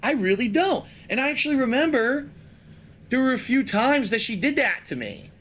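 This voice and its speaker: Bright, high-voiced man telling a story. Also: animated, moderate pace. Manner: rambling, indignant anecdote. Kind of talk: casual storytelling.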